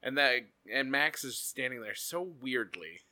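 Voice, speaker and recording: Male co-host, very lively pitch, bright tone, mock-outraged banter. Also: measured pace. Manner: animated, swearing, mock-outraged riffing. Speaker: podcast co-host. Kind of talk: casual chat.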